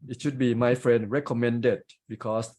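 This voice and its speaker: A man's voice: medium pitch, steady tone, normal speed, darkish tone, low-quality recording. A man with a Thai accent giving grammar and pronunciation feedback as a club grammarian on a video call, explaining carefully with examples.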